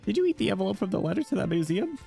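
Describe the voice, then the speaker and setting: A man doing a frantic high-voiced young woman. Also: sing-song, racing, vocal fry, dark tone, soft background music, heavily acted.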